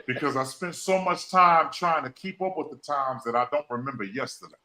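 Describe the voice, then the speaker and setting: A man's voice: medium pitch, fairly quick, bright, forceful tone, rough recording. A man hosting a podcast, speaking, repeating phrases and using folksy slang. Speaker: podcast host. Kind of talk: emotional motivational talk.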